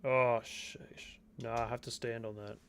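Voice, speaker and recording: A man's voice: mid-range voice, little pitch movement, a little slow, vocal fry, fairly bright tone, slight background noise. Laid-back Australian man streaming a game. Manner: rambling, chatty, laid-back, self-talk while playing. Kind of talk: casual gameplay commentary.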